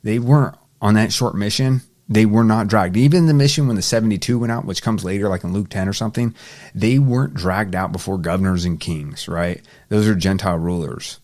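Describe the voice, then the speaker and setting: During a laid-back Bible study, a man reads verses aloud and follows each with a casual paraphrase. His pitch is fairly low, his tone darkish, and his pace fairly quick.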